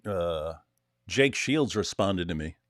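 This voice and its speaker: A man's voice: sits low, animated, takes it slowly, a bit bright, no room sound, studio quality. A man co-hosting a casual livestream chat, rambling and laughing as he talks. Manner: rambling, laughing, mock accents. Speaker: co-host.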